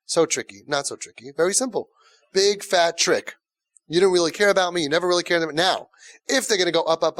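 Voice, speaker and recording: A man with a fairly high voice lectures parents as a parenting coach, recorded with no room sound. He speaks emphatically and animatedly, repeating words for stress.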